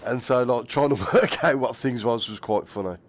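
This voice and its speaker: A man's voice: medium pitch, moderate pace, slight background noise. A man chatting casually to viewers while streaming a game, laughing often and swearing lightly. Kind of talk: casual live-stream chat.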